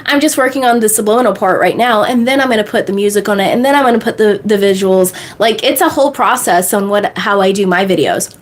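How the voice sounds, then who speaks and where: A woman coach answering viewer questions on a livestream in a bubbly, fast way. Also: medium pitch. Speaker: manifestation coach.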